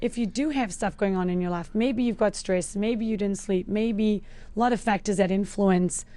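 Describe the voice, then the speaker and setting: A woman's voice: mid-range voice, moderate pace. A South African woman in her forties, a podcast guest chatting casually, laughing often and acting out her own remarks. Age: 40s. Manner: lively, laughs often, acts out her own quoted lines. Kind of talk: casual chat.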